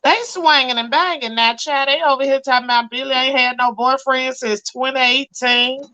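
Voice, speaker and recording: A woman's voice: sits high, fairly even intonation, normal speed, pushed and bright. A woman in a casual gossip chat, drawling and calling people child and honey. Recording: dull lo-fi sound.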